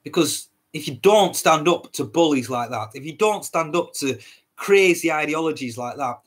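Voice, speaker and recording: A man's voice: on the high side, lively intonation, moderate pace, breathy edge. A man hosting a solo podcast, ranting in a heated, repetitive way, swearing often and stumbling over his words. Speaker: podcast host.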